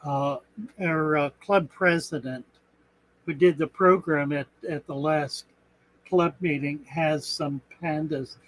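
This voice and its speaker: A man's voice: a little high, fairly even intonation, slow pace, no room sound, low-quality recording. A man hosting a casual aquarium live stream, rambling and thinking aloud, with a chuckle now and then. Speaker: aquarium channel host.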